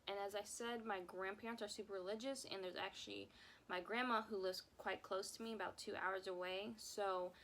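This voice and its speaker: A woman's voice: medium pitch, fairly even intonation, brisk, a bit bright, a little hiss or hum. A young woman telling a personal story time on her vlog, emotional and rambling, often repeating herself. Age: young adult. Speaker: vlogger.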